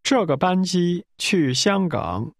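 A man speaking as the model voice in a language course, phrasing each sentence slowly and carefully. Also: high voice, lively intonation, gravelly, no room sound, clean studio sound. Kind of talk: slow model pronunciation for repetition.

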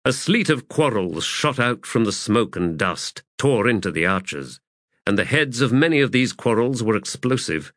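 A man reading a war novel aloud as an audiobook narrator, in measured, steady storytelling. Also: medium pitch, no echo, studio quality. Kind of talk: scripted narration.

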